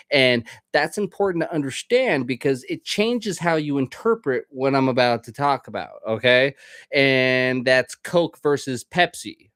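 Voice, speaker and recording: A man's voice: mid-range voice, fairly bright tone, no echo, clean studio sound. A man, the host of a podcast, delivering a casual, rambling monologue full of swearing. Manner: profane, rambling, ranting.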